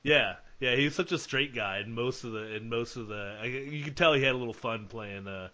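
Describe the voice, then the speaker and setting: A man's voice: medium pitch, a little fast, pushed and bright. A man co-hosting a comedy podcast, chatting enthusiastically and laughing often. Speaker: podcast co-host. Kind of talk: casual chat.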